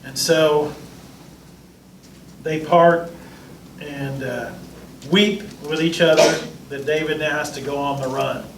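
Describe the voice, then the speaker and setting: Male pastor, high voice, playful Bible class teaching, roomy echo, mic set far off. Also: slow, long pauses, slight background noise. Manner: joking, lively, acts out the lines of biblical people. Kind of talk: casual Bible study teaching. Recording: echoey room, mic far off.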